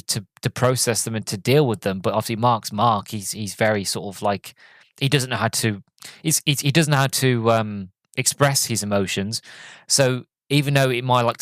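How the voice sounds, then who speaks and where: A man's voice: medium pitch, a bit bright, no room sound. Rambling man reviewing a film. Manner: rambling, self-correcting retelling. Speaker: podcast host. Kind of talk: solo movie review chat.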